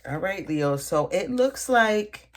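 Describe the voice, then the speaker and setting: A woman with a notably low voice talks her way through a tarot reading at a table. She speaks casually and directly to the listener, often checking in with "okay?" and calling them "honey". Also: lively intonation, slow pace, a little hiss or hum. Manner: chatty, addresses viewer directly, frequent "okay?" and "honey". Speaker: tarot reader.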